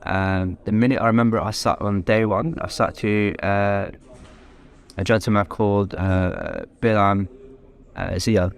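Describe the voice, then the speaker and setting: A man's voice: fairly low pitch, steady tone, a little slow, clean tone. A young man with a London accent, a guest English teacher talking enthusiastically in a casual interview, with lots of fillers. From Algeria. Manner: warm, enthusiastic, many fillers.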